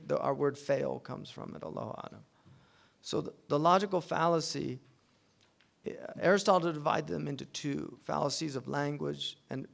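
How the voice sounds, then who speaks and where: A man teaching a class on logic, explaining in a loose, conversational way with fillers and restarts, and reciting Arabic text quickly. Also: a little high, gravelly.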